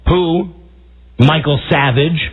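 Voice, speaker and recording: Husky male talk radio host making an emphatic statement, thin lo-fi broadcast sound. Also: a little high, slow pace. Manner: emphatic, indignant. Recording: tinny phone-like radio audio.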